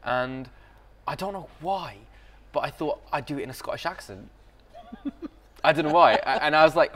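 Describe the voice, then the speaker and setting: A man's voice: fairly high pitch, expressive, moderate pace, pauses often, fairly bright tone. A young man, an actor guest reflecting casually in an interview and laughing easily.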